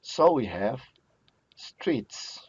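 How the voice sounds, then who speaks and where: Male lecturer, slow drilling delivery, dry lo-fi recording. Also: medium pitch, sing-song, slightly rough, no echo. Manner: slow, repeats each word to drill pronunciation. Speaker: Biblical Hebrew teacher. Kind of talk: recorded lecture over slides.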